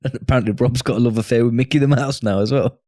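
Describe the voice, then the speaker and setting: A man's voice: mid-range voice, darkish tone, dry recording, clean studio sound. A man co-hosting a podcast, chatting in an easygoing way with teasing banter. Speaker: podcast co-host. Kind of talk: casual chat over drinks.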